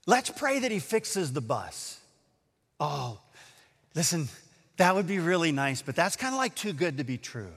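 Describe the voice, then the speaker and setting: A man preaching a sermon, telling a story and acting out the quotes with lively energy. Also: fairly high pitch, unhurried, slightly rough, big-room sound. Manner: animated storyteller, acts out quotes. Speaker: pastor.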